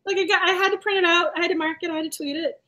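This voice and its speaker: High-voiced, animated woman book club host. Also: rapid-fire. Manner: animated, laughs often. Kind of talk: casual book discussion.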